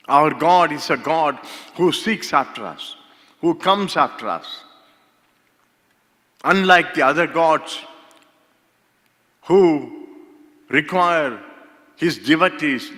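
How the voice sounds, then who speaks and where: A man from India delivers a sermon in a slow, emphatic way, leaning on repeated lines. His voice sits a little high and bright. Long reverb from the church hall trails behind every phrase. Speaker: pastor. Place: church sanctuary.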